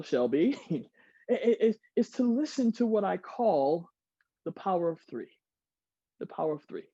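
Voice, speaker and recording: A man giving an energetic online workshop, reading out audience replies and laughing often. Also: high-pitched, no echo, dull audio. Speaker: workshop speaker. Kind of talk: interactive online workshop talk. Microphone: video call.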